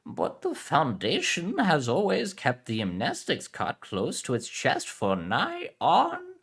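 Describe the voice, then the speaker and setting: A man voicing a playful, scheming middle-aged mother who drags her words out slowly as she bargains. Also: sits high, huge pitch swings, vocal fry, voice pushed up, full character voice. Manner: slow, drawn-out and teasing.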